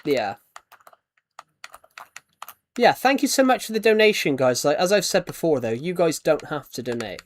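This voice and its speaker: A young man with a British accent chats casually while streaming a game, thanking viewers and donors and trailing off into restarts. At normal speed, his slightly high voice swings widely in pitch and pauses often. A little hiss or hum is audible.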